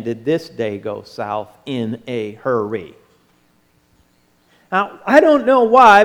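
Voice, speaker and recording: A pastor preaching in a church, his voice sitting high for a man and ringing out with a long reverb around the hall. He tells the story in an animated way, stepping into the voices of the people in it as he goes. The room's echo trails after each phrase. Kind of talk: sermon.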